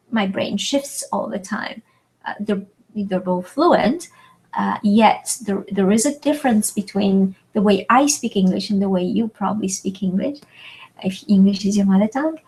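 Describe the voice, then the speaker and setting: A woman whose first language is French, teaching in a webinar lesson, speaking slowly and deliberately and stretching her vowels to enunciate everything. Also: mid-range voice, rough recording. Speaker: French tutor.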